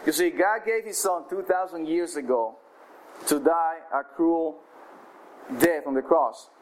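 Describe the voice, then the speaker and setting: A man's voice: fairly high pitch, a little slow, a little hiss or hum, poor audio. A man preaching, telling a story and then leading a prayer, often restarting his words. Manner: storytelling, rising to raised voice for auctioneer calls. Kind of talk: sermon illustration and prayer.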